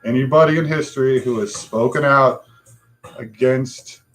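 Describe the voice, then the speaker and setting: A man's voice: mid-range voice, normal speed, fairly bright tone, soft background music. A man hosting a livestream talk show, ranting bluntly with frustration and swearing.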